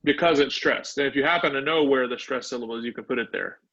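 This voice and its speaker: A male instructor teaching a live online class sounds out words one syllable at a time. His voice is medium-pitched and a bit bright, moving at a quick pace, and the audio has the dull, lo-fi quality of an online call.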